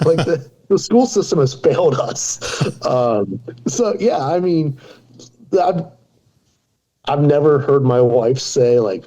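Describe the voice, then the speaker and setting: Husky guy w a dark mellow voice, joking around casually on a podcast. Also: mid-range voice, animated, moderate pace, poor audio. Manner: joking, self-deprecating storyteller. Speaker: podcast guest. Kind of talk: casual interview talk.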